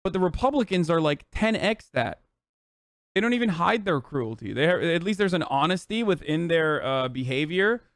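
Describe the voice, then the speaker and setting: A man's voice: fairly high pitch, very animated, normal speed, no echo, clean studio sound. A man livestreaming political commentary, ranting in a heated, profane, exasperated way.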